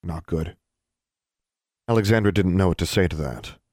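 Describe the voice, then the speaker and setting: Brief: low-pitched male narrator, even delivery, dry booth sound. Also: fast, no room sound. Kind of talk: audiobook narration.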